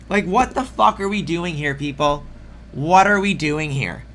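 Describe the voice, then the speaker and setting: A man delivering an opinionated video commentary in a sarcastic, profane, exasperated rant, with a slightly rough throat. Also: high voice, normal speed, sharp tone. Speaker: political commentary host.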